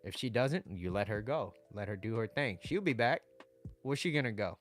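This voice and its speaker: A man's voice: on the low side, lively intonation, moderate pace, slight background noise. A man giving casual dating advice to his viewers, blunt and swearing, reading their chat comments aloud.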